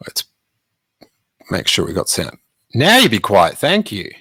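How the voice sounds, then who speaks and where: A podcast host reading a children's book aloud, jokey and animated, breaking in to do character voices and make asides. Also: male voice, fairly low pitch, unhurried, husky, no echo. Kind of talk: casual read-aloud with commentary.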